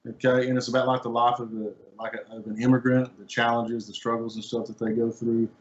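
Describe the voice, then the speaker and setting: A man's voice: medium pitch, flat delivery, a little fast. Joking podcast co-host man. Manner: playful, dramatic teasing. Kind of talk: casual podcast chat. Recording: slightly dull lo-fi audio.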